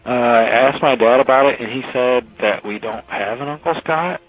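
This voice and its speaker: A man leaving a casual, deadpan voicemail over a phone line. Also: medium pitch, moderate pace, no room sound. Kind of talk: voicemail message.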